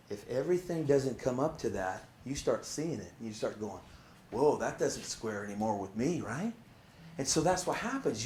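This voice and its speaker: Telling stories in a casual motivational talk, this man voices the people in them and keeps tossing in "right?" asides, an animated storyteller by nature. He's a motivational speaker with a voice on the high side, heard in a reverberant space.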